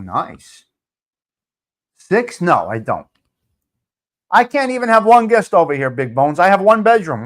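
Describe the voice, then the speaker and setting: A man hosting a live stream, answering viewer comments in a blunt, profane, repetitive rant. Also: a little high. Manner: blunt and fired up. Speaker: live-stream show host.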